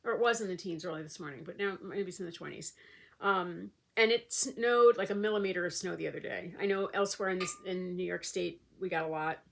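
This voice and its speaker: A woman's voice: fairly low pitch, a little fast, vocal fry. A woman vlogger talking in a casual, rambling way with many fillers. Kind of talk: casual chat.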